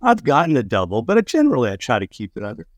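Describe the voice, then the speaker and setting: A man in casual conversation, spinning loose stories full of swearing and false starts. He sounds like a working comedian talking off the cuff. His voice sits at an ordinary pitch and is recorded dry and close. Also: wildly swooping pitch, racing, no echo. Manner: rambling, profane, many restarts and stammers. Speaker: comedian and film director, podcast guest. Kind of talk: casual storytelling chat.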